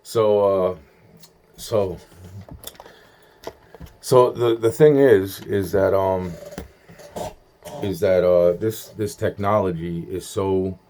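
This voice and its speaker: A man's voice: low voice, steady tone, takes it slowly, long pauses, warm tone, slight background noise. A young man rambling in a profane monologue, stumbling through restarts and acting out quoted voices.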